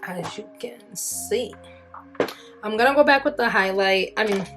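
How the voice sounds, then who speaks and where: A woman's voice: mid-range voice, unhurried, over music. A woman chatting casually as she walks through her makeup routine, rambling, self-deprecating, full of fillers. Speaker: beauty vlogger. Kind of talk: casual makeup tutorial chat.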